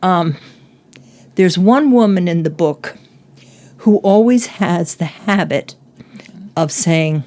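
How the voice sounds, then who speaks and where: A woman's voice: lowish voice, expressive, slow, pauses often, a little mellow. Chatty older woman discussing a book. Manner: chatty, laughs often, quotes lines in other voices. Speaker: guest, host's mother.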